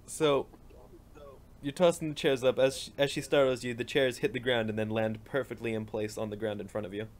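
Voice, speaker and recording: Patient game master narrating. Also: male voice, mid-range voice, fairly even intonation, fairly quick. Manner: patient, explaining rules.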